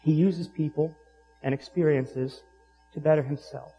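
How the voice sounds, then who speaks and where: A man's voice: on the high side, fairly even intonation, a little slow, warm tone, breathy edge, soft background music, rough recording. A man preaching a sermon, retelling a story and then putting pointed questions to his listeners. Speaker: pastor.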